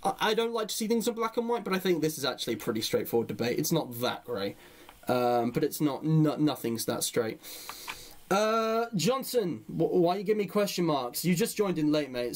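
This streamer's voice is on the high side and very animated as he thinks out loud, giving meandering opinions. His speech slows markedly each time he dictates a response.

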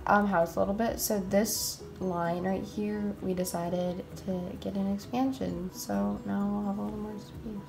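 A woman hosting a game roleplay video, talking casually and excitably as a mom, with frequent exclamations. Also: mid-range voice, gravelly.

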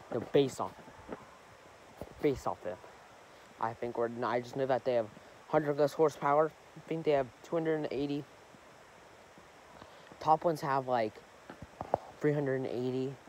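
A young male vlogger talks in loose, rambling sentences, stopping to correct himself and filling gaps with small verbal habits. His pitch sits in an ordinary middle range for a man. A clear hiss of background noise runs under the recording. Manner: rambling, self-correcting, many fillers. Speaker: gaming channel host. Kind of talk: casual rambling vlog chat.

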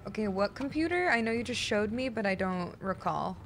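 A young woman streaming a horror game, talking to her chat with excitable, jumpy reactions and swearing when startled. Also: medium pitch, fairly quick, slight background noise. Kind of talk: live gameplay commentary. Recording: game music behind voice.

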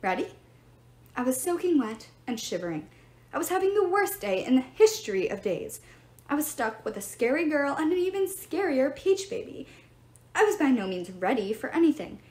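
A woman reading a novel aloud, her fairly high voice rising and falling with lively expression. The reading sits in a roomy space with a clear echo. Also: fairly quick. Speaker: audiobook reader.

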